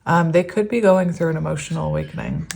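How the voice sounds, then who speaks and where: A woman in her thirties talks through a casual tarot reading, her voice sitting a little low. She rambles warmly and giggles often. There is a teary edge to her voice, as if she is close to crying. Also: fast, creaky, breathy edge. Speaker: tarot reader.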